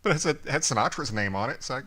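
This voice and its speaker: Bright-voiced male podcast co-host. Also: medium pitch, animated, very fast. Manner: storytelling with acted quotes and laughter. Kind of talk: casual chat.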